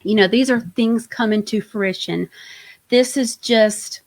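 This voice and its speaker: A woman's voice: fairly high pitch, measured pace. A woman hosting a live-stream tarot reading, chatty and enthusiastic, often trailing off and restarting her sentences. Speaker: host, tarot reader.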